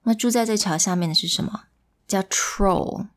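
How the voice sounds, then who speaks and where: A bilingual woman with a mid-range voice reads a storybook to a child at a moderate pace. She keeps it playful, asking lots of questions and switching between languages.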